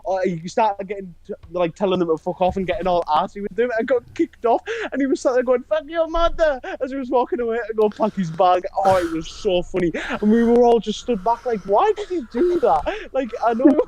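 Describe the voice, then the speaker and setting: A man's voice: sits high, darkish tone, a little hiss or hum, poor audio. A young man, co-hosting a podcast and telling a funny story in casual chat, laughing often. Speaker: podcast co-host.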